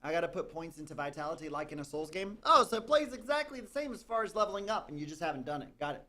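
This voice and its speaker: A man's voice: on the high side, big pitch swings, rapid-fire, sharp tone. A man streaming a game and commenting live, muttering to himself and teasing his chat in a wry way. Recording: noisy with game sound.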